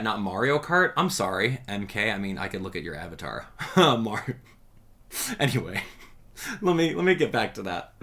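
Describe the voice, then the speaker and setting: A man hosting a casual livestream, chatting with viewers and ranting emphatically about games. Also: lowish voice. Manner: animated, emphatic, rants with "dude" and "man". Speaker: livestream host reacting to a game showcase.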